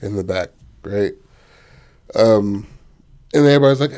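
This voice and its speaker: A man casually pitching a film story, loose and profane, full of fillers, acting out characters in quick bursts. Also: fairly even intonation, a little mellow.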